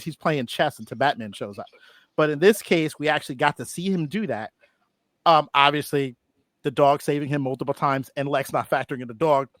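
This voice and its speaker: A man's voice: fairly high pitch, a bit bright, no echo. A man in his forties, a panelist talking casually and enthusiastically about a film, rambling a little. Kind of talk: casual film review chat.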